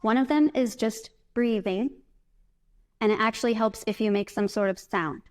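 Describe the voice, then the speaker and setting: A woman's voice: a little high, normal speed. Chatty upbeat woman speaker. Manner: chatty, upbeat, filler "like", guides breathing exercises. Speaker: motivational speaker. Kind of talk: casual talk to a live audience. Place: conference presentation.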